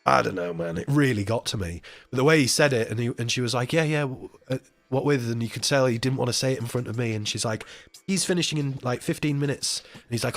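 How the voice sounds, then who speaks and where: A man's voice: mid-range voice, fairly quick, fairly bright tone, soft background music. A man hosting a live chat stream, telling a rambling, emotional story full of quoted voices. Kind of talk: casual chat.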